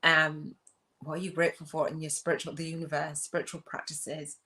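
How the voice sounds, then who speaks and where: A woman's voice: low-pitched, little pitch movement, brisk, sharp tone. A middle-aged woman hosting a livestream on spiritual business, talking earnestly and emotionally, repeating herself and reading out viewers' comments. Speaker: spiritual business coach and host. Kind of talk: livestream talk with journal prompts.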